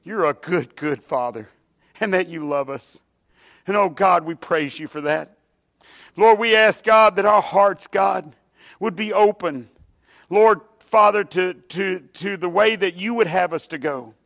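A man preaching and then leading a prayer in church, fervent and casual, swelling loud on scripture and dropping soft in prayer. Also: sits high, a little slow, gravelly, lo-fi sound. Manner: casual asides like "dude" and "hey, man". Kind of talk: sermon and spoken prayer. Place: church sanctuary with a standing congregation.

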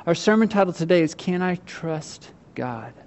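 Male pastor mid-sermon, a bit high-pitched, lively voices for quotes, hushed on scripture. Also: a little hiss or hum. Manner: animated, acts out voices in quotes, laughs often; drops to quiet, slow delivery on scripture.

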